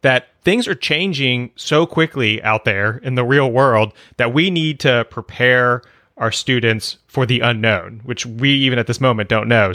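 A man's voice: mid-range voice, sharp tone, no echo, clean studio sound. A man hosting an education podcast, summing up his guest's points and asking whether he has understood them. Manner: sums up and checks the guest's points. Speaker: podcast host. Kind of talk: podcast interview.

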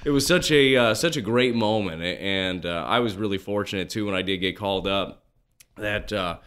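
Guy in his 40s chatting as a guest, lowish voice, gets animated telling stories. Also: normal speed, smooth. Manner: animated, acts out quoted voices, many restarts. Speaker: guest, former pro baseball pitcher. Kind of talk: casual interview storytelling.

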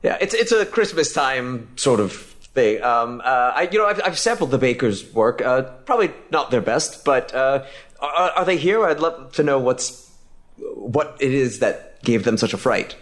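A man's voice: medium pitch, sing-song, moderate pace. A man playing the lead hero in a remotely recorded tabletop role-play, talking in an earnest, rambling way with many false starts. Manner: earnest, rambling, repeats words when starting. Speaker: player voicing the Doctor.

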